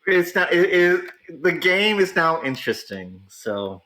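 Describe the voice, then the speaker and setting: Excitable man hosting a gaming talk show. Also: high-pitched, poor audio. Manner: excitable, laughing, drawn-out exclamations. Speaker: podcast host. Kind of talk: casual gaming commentary.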